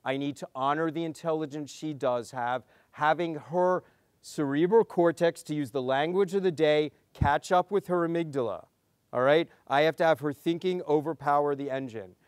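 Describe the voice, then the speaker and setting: A man, a pediatrician, giving a conference talk, telling clinic stories and acting out the dialogue in a lively way. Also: on the high side, normal speed, clean tone, dry recording, clean studio sound. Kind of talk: conference lecture.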